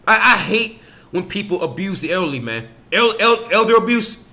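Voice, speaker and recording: A man's voice: high voice, big pitch swings, normal speed, pushed and bright. A man hosting a podcast, reacting to videos with angry, profane, stammering commentary. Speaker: podcast host.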